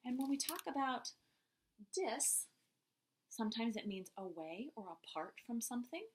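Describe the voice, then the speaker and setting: A woman's voice: on the high side, very animated, brisk, background noise. A woman teaching a classroom reading lesson, encouraging the children and praising them often.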